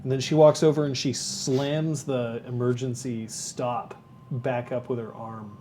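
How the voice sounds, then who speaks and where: A man narrating as game master of a tabletop game, in a casual, animated way. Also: mid-range voice, measured pace, slight background noise.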